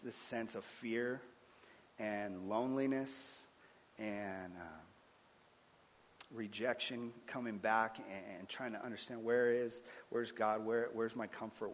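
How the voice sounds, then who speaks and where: A man in his thirties giving an earnest sermon-style testimony as a guest speaker, swinging between loud and hushed. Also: lowish voice, steady tone, unhurried. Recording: long hall reverb.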